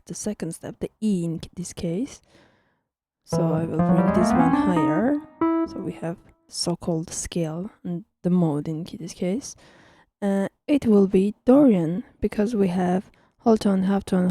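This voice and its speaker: A young woman walks viewers through music theory in a casual online lesson. Her voice sits low and dark with a gravelly edge, recorded dry and close. She chats and teases, often stopping to correct herself. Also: no room sound. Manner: chatty, teasing, self-correcting.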